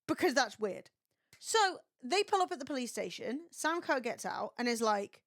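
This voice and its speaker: A woman's voice: a little high, big pitch swings, moderate pace, dry recording, clean studio sound. Sweary woman telling gossip. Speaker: streamer. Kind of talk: casual livestream chat.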